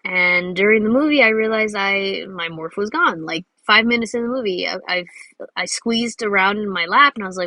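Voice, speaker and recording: A woman's voice: medium pitch, moderate pace, pushed and bright, no room sound, poor audio. A young woman telling a rambling personal story in a chatty way, with lots of fillers and restarts, while drawing. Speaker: drawing video host.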